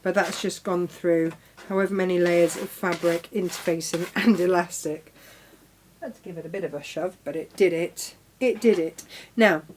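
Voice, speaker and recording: A woman's voice: fairly low pitch, steady tone, normal speed, darkish tone, a little hiss or hum. A middle-aged woman hosting a live sewing demonstration, chatting casually, talking to her tools and exclaiming as she goes. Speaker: crafting show host.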